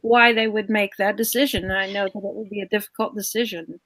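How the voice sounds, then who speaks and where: A woman's voice: mid-range voice, fairly even intonation, fast talker, a bit bright, no room sound. A woman speaking frankly in a casual panel discussion.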